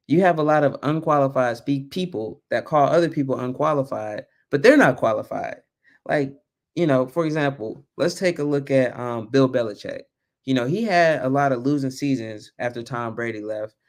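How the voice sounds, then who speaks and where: A young man hosting a live stream, talking casually and with animation, rambling and at times losing his train of thought. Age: young adult. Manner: lowers his voice so as not to wake the kids. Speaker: vlog host.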